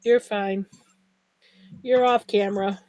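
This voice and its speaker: A woman's voice: medium pitch, fairly even intonation, slow, darkish tone, dry recording, dull audio. A woman joining a livestream as guest, chatting casually and playfully voicing what the dogs think. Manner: voices the dogs' thoughts playfully. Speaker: guest on the stream. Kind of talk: casual chat.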